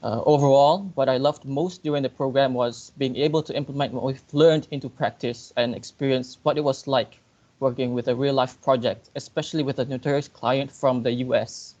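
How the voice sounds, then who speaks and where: A man's voice: mid-range voice, fairly even intonation, brisk, darkish tone. A young man from Malaysia gives a sincere testimonial about a training program and thanks its sponsors. He speaks earnestly, with fillers and a small slip. The call audio is dull and lo-fi. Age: young adult. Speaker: program participant. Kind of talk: testimonial speech.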